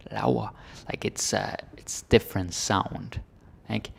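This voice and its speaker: A man from Denmark gives a slow, casual pronunciation lesson with a gravelly, low voice. He jokes loosely and often trails off into whispers. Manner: relaxed, joking, drifts into whispers. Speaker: language teacher.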